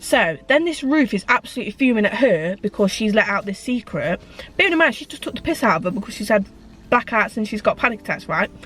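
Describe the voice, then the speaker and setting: A woman's voice: medium pitch, sing-song, fast, fairly bright tone, slightly rough. A woman in a casual book chat vlog, retelling a story in a chatty way and swearing freely. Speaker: book vlogger.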